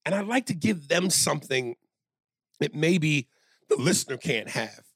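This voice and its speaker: A man co-hosting a comedy podcast in casual chat, loud and playful, slipping into silly bits. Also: on the high side, animated, measured pace, slightly rough, no room sound. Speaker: podcast co-host.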